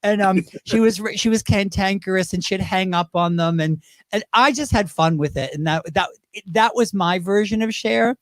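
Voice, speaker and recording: A man who does drag and impersonations tells stories in a casual interview, his high voice moving at normal speed in a dry, studio-quality recording. He's a lively, chatty storyteller who slips into voices.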